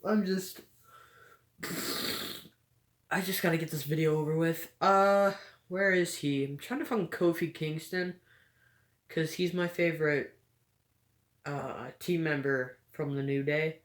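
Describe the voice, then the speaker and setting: A woman giving casual gameplay commentary, rambling and hesitant with frequent stutters and a low-energy, halfhearted delivery. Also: steady tone, a little slow, pauses often. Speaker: gaming vlogger. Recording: echoey room.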